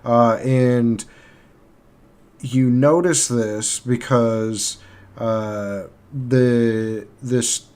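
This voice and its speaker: A man narrating as game master in a live-streamed tabletop game, pausing and restarting while he works his game tools. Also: medium pitch, steady tone, darkish tone, smooth. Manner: halting, pauses while working the game tools. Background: faint guitar music.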